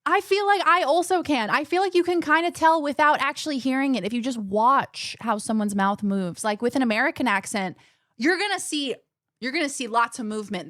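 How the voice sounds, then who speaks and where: A woman streamer chatting casually with her viewers, animated and rambling, often restarting her sentences. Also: fairly high pitch, dry recording, studio quality. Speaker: gaming streamer.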